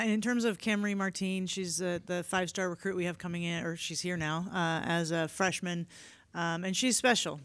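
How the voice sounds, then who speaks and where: A woman head coach answering reporters at a media day podium, candid and relaxed, with plenty of fillers. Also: lowish voice, dry recording. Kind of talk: press conference answers.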